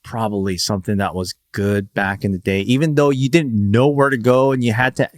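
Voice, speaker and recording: A man's voice: lowish voice, steady tone, brisk, dry recording, studio quality. Rambling, laughing man from Northern Virginia. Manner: rambling, laughs often, acts out quoted voices. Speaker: podcast guest. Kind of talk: casual conversation.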